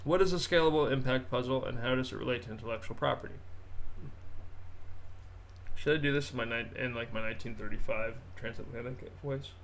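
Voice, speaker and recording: A man's voice: medium pitch, fairly quick, slight background noise. A man hosting a podcast in casual chat, rambling and poking fun at himself. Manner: rambling, self-mocking, laughs at own jokes. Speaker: podcast host.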